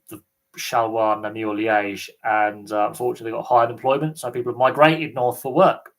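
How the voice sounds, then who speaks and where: British guy on a livestream q&a, casual rambly chat, lots of ums, average pitch. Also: a bit bright. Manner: rambling, chatty, many fillers. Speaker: livestream host.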